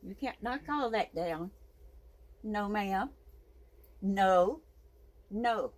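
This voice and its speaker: A woman in a casual pet vlog, talking at an unhurried pace. She coos at her pet in baby talk, and her voice sounds a little stuffy. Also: mid-range voice, lively intonation. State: stuffy from sinuses. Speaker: snake keeper.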